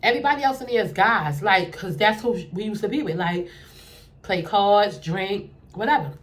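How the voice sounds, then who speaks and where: A young adult woman telling a dating story in a casual, animated way, acting out what people said in a lowered voice. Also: normal speed.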